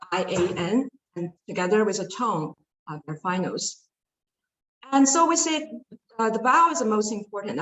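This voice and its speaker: A woman's voice: mid-range voice, a bit bright. A woman giving an online language lesson, talking hesitantly with many fillers and restarts. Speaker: Chinese language teacher. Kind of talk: online lecture with slides. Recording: echoey room with faint noise.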